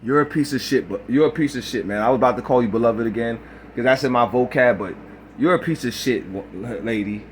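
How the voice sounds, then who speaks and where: A man's voice: mid-range voice, fairly quick, slight background noise. A man recording a reaction video, ranting in a heated, profane way. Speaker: YouTuber.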